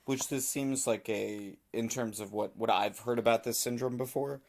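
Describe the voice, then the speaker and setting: A man's voice: mid-range voice, steady tone, moderate pace, creaky, darkish tone. A man co-hosting a podcast, thinking through ideas aloud in casual chat with fillers. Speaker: podcast co-host.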